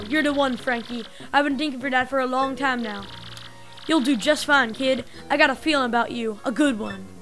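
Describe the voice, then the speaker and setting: A sentimental old mob boss, as a woman puts him on for a game, talking in a gruff tough-guy drawl that drops its words. His voice sits fairly high for a man, with soft game music playing behind.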